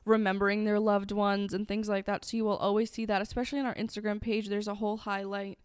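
A woman's voice: mid-range voice, level tone, fast talker, smooth, dry recording, clean studio sound. A woman co-hosting a true crime podcast, chatting casually and telling the story with friendly asides. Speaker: podcast co-host.

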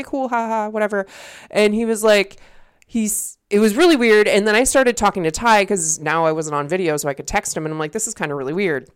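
A woman's voice: lowish voice, smooth. A young woman co-hosting a casual podcast, telling a long story with lots of swearing and laughter. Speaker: podcast co-host. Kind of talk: casual chat. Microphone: desk mic.

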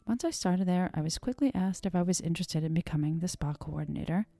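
A woman reads her own story aloud in a wry, self-deprecating way. Her voice sits low with a gravelly edge, over faint music in the background. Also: dark tone, no room sound. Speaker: podcast host and storyteller. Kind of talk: scripted personal narration.

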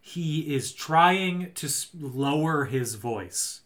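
A man's voice: on the high side, expressive, very slow, a bit bright. A man co-hosting a casual chat, recapping a movie plot in a rambling, dry, joking way. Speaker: podcast co-host.

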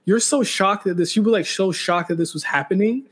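Rambling young man, somewhat high voice. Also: fairly quick, fairly bright tone, slightly rough. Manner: rambling, many restarts and quoted dialogue. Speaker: podcast co-host. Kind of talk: casual chat.

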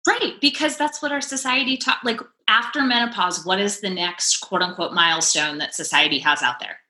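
A woman who works as a sex therapist, guesting in a casual chat, expressive and candid, swearing and laughing. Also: medium pitch, normal speed, echoey room.

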